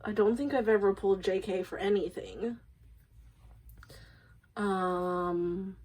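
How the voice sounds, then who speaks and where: Unboxing photocards for her vlog, a woman rambles excitedly and emotionally, her voice shaky as she keeps apologizing. She speaks slowly in a mid-range, darkish, breathy voice, and the audio quality is poor.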